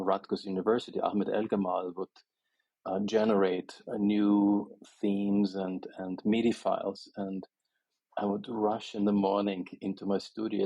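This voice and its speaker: Man, Austrian German accent, gravelly, husky, low voice, dry close sound, chatty storyteller. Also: no echo, poor audio. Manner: animated storyteller with many restarts and fillers. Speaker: composer guest. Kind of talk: conversational interview.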